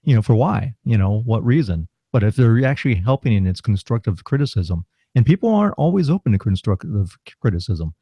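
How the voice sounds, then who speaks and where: A middle-aged South Florida man co-hosts a podcast, laughing his way through animated, casual anecdotes. His voice is fairly low, slightly rough and brisk, with hardly any pauses. The recording is dry, muffled and lo-fi.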